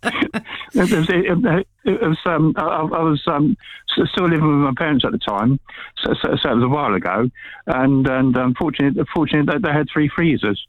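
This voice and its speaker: A man's voice: on the high side, a little fast, no echo. A man calling in to a radio show, talking hesitantly with stammering repeats. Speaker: caller. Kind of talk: phone-in chat. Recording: tinny phone line.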